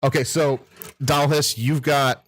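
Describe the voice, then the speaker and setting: Man, game master, casual rambling narration, middle pitch. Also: a little slow. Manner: relaxed, chatty, rambling.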